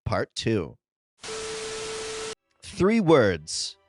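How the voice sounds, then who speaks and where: A man hosting and reading out funny game stories as scripted narration, with lively comic timing and dramatic pauses. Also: on the low side, faint music behind. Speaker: host.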